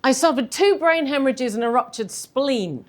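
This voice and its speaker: A woman, telling a candid personal story in a talk, animated and self-deprecating. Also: high voice, normal speed. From London. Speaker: speaker giving a talk.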